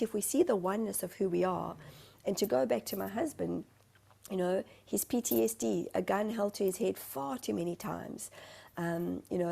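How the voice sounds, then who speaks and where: A woman's voice: mid-range voice, vocal fry, dark tone. A talkative woman, a spiritual medium telling her story in a rambling, emotional way as a guest on an interview show. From South Africa. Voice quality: talkative, self-described motor mouth. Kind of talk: candid interview conversation.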